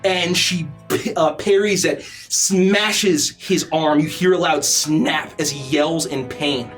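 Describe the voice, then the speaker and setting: Slow, halting male game master. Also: on the high side, steady tone, fairly bright tone, soft background music. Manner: slow, halting narration with many fillers. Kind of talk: narrating a tabletop game.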